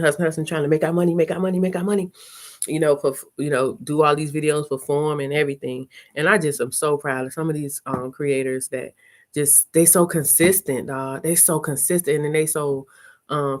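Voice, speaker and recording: Chatty woman vlogger, lowish voice. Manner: chatty, animated storytelling with laughs. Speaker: content creator. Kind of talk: casual live-stream chat.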